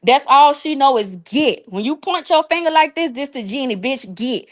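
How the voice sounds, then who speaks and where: High-voiced woman ranting on a livestream. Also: lively intonation. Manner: profane, mocking, drawn-out repetitions. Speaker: livestream host. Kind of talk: casual livestream rant.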